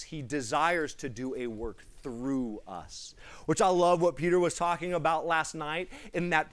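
Excitable man preaching a sermon. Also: a little high. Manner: excitable, animated storytelling. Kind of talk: sermon with personal story.

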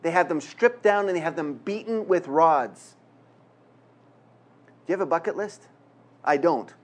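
A man preaching a sermon, reading scripture slowly and emphatically, with humorous asides. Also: fairly high pitch. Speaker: pastor.

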